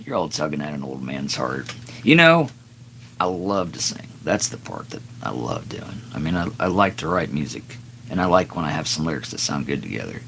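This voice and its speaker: A raspy, middle-aged singer-songwriter chatting earnestly and self-deprecatingly on his live stream between songs. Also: a bass voice, big pitch swings, normal speed, fairly bright tone, a little hiss or hum.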